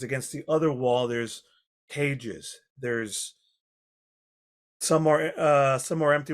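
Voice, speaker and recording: A man serves as game master for a tabletop game. His voice sits in an average middle register. He describes each scene in halting, rambling bursts with plenty of fillers. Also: mid-range voice.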